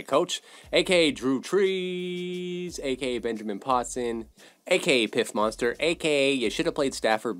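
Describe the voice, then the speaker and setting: A man hosting his own sports podcast, ranting in a heated, profane, repetitive way. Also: medium pitch. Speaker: podcast host. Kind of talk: casual sports rant.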